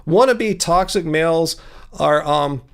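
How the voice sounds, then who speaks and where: A man in his fifties hosting a casual livestream from a home music studio, with a sing-song baritone voice that leaps high to stress words. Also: slow pace, creaky, smooth. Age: 50s. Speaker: livestream host.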